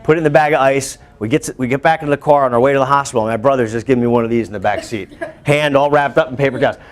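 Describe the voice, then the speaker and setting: A male teacher telling a lively personal story to his students, breaking into shouts and laughter. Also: mid-range voice, rapid-fire, background noise. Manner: animated, bursts into shouts and laughs while telling. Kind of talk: storytelling to a class.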